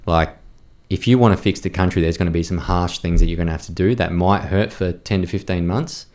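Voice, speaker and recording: A man's voice: low voice, steady tone, a little fast, darkish tone. A man, a podcast host and army veteran, talking with passion and swearing in casual chat. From Australia.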